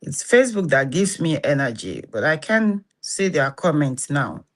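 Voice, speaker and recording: A woman's voice: low-pitched, big pitch swings, moderate pace. A woman with a Nigerian Yoruba accent hosting a live stream, talking animatedly and acting out quoted dialogue. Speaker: host of a live stream on relationships and healing.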